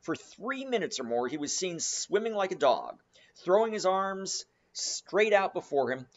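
Male audiobook narrator, dramatic and animated, lively pitch, muffled lo-fi recording. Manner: expressive, dramatic reading with slowed, savoured phrasing.

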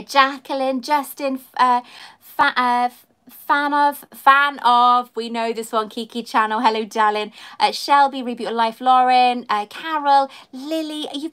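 A woman's voice: sits high, fairly bright tone. A woman chatting effusively with viewers on a live stream, greeting them by name as a YouTuber and collector.

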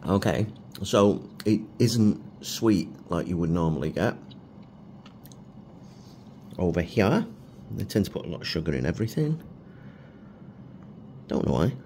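Middle-aged man, casual food vlogger, chatty and self-deprecating, lowish pitch. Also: big pitch swings, unhurried, pauses often, darkish tone, a little hiss or hum. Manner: chatty and self-mocking, with chuckles. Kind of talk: casual food review vlog.

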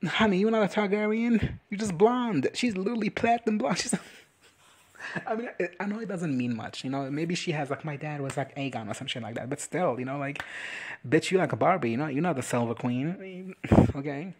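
A man giving a crude, campy comedic recap of a TV episode. He talks sassily, swears freely and acts out the characters in quick quoted lines. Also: on the high side, animated, slightly rough. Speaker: reaction recap vlogger.

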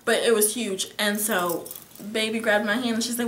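A teenage girl telling a vivid dream in casual storytelling, her voice dropping to whispers and rising to near-shouts. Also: on the high side, fairly even intonation, normal speed. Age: teens. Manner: emotional, swings between whispers and near-shouting. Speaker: guest sharing a dream. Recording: echoey room.

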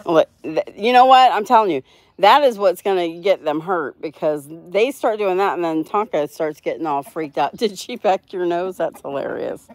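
A woman's voice: on the low side, moderate pace, dry recording. A woman from Florida hosting a casual live stream, chatting and laughing as she reads out viewers' messages. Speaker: livestream host. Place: home in Florida.

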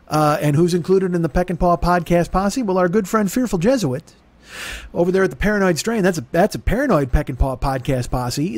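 A man's voice: sits high, no room sound. Rambling, profane comedy podcast host man. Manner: rambling, self-mocking, profane, talks in circles.

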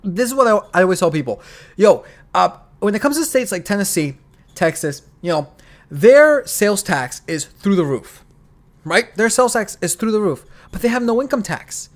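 A man hosting a casual finance podcast, talking in an animated, emphatic way and often repeating his phrases. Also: high-pitched, normal speed. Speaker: show host.

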